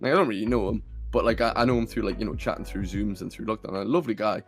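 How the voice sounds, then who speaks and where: A man's voice: lowish voice, rapid-fire. A young Geordie man chatting loosely on a podcast, swearing freely and tripping over restarts and fillers as he goes. Faint music sits underneath. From North East England. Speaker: podcast co-host. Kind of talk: casual chat.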